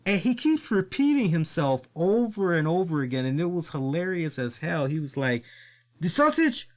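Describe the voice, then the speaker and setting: A man's voice: fairly high pitch, normal speed. A man hosting a casual wrestling podcast who swears freely, laughs often and tells stories with lots of energy. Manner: animated, profane, laughs often. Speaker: podcast host.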